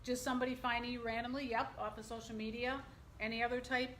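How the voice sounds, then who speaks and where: A middle-aged woman giving an interactive workshop presentation, lively and quizzing her audience. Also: fairly high pitch, fast talker. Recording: echoey room, faint background noise.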